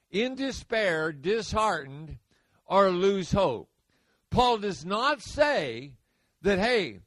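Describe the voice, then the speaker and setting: Male preacher, sermon delivery, high voice, unhurried, emphatic repetition. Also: dry recording. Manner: emphatic, repeats key words, builds to forceful peaks.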